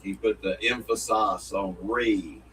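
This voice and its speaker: A man's voice: lowish voice, a bit bright. A man co-hosting a morning radio show, chatting in a rambling, folksy way. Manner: rambling, folksy, quick to laugh. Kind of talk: casual morning show banter. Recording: somewhat distant mic with faint background noise.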